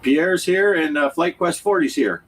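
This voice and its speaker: A man's voice: a little high, measured pace, a little hiss or hum, rough recording. A man hosting a casual livestream chat, telling rambling stories. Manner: chatty, rambling storyteller. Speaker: livestream host.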